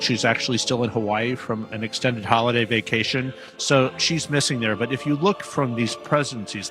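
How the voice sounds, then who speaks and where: A man anchoring live news commentary in a measured, informative way. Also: mid-range voice.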